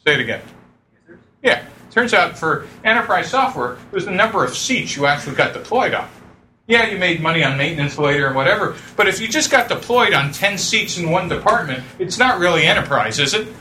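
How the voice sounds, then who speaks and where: A middle-aged man telling lively stories to an audience, acting out the voices he quotes and laughing often. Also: high voice, fairly quick, a little hiss or hum. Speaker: speaker telling startup stories. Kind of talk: lively storytelling talk.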